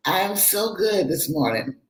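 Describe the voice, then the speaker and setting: A woman's voice: on the low side, lively intonation, a little slow, a crowd in the background. A woman in her seventies, a veteran singer, chatting openly as a guest. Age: 70s. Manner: warm, candid, open. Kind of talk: casual interview chat. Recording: roomy video-call audio with faint noise.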